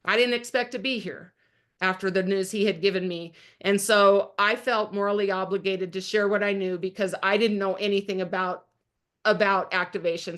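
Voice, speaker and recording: A middle-aged woman sharing a personal testimonial as a product consultant, earnest and chatty, often calling her listeners "you guys". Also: mid-range voice.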